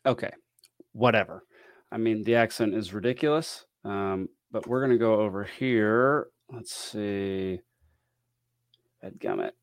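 A man's voice: fairly low pitch, unhurried, no echo, clean studio sound. A man hosting a podcast, talking casually in a rambling, wry way with frequent ums and chuckles. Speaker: podcast host. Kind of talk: casual commentary.

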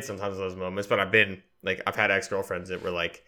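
A man co-hosting a podcast, chatting in a relaxed, self-deprecating way. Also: low voice, quick pace, hardly any pauses. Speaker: podcast co-host. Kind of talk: casual podcast chat.

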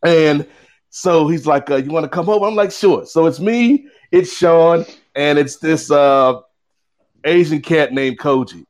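A man telling a funny story in casual chat, animated and acting out the people in it. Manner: lively, acts out quoted voices with big pitch swings. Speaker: guest co-host.

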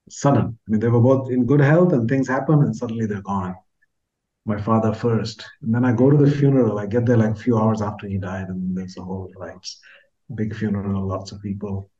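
A reflective man in his sixties from India speaks earnestly, his voice dark and mellow. His sentences trail off into softness. The audio sounds slightly muffled and lo-fi. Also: fairly low pitch. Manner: earnest, heartfelt, trails off softly at phrase ends. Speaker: guest author. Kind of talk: reflective personal storytelling.

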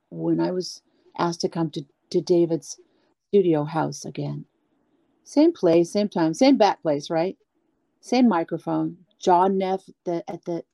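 A woman being interviewed as a guest singer, talking candidly and at length, animated, acting out the people she quotes. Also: lowish voice, vocal fry, no room sound. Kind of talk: candid storytelling chat.

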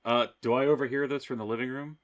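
A man's voice: mid-range voice, fairly even intonation, fast talker, muffled recording. A man playing a tabletop role-playing game, talking in a blunt, exasperated way. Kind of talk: in-character tabletop role-play.

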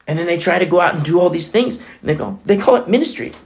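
Animated gravelly male preacher. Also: high voice, quick pace. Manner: animated preaching, swinging from loud to hushed; conversational, with many fillers like "you know" and "like". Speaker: pastor. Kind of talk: sermon.

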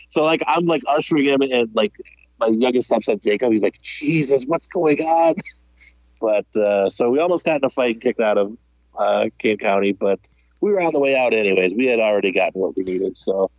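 A man's voice: on the low side, brisk, dry recording, poor audio. A man telling a long story in casual chat, laughing often and acting out the people he quotes. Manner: animated, laughs while telling stories, acts out quotes.

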